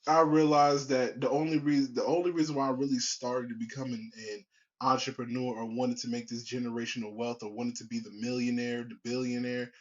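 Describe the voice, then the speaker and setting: On a muffled recording, a young podcast host with a mid-range voice rambles casually through a solo episode. His talk is full of slang and he keeps restarting sentences.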